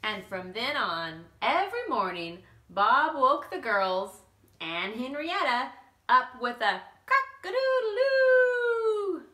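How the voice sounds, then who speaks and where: A woman reading a children's picture book aloud, animated and slow, with playful asides to the young listeners. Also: high voice, reverberant.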